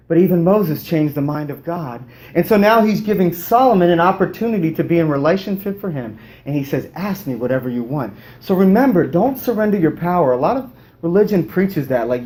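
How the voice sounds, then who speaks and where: A man preaching a sermon in a lively, conversational way, often lifting his voice suddenly. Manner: animated, conversational preaching with sudden pitch lifts. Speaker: pastor.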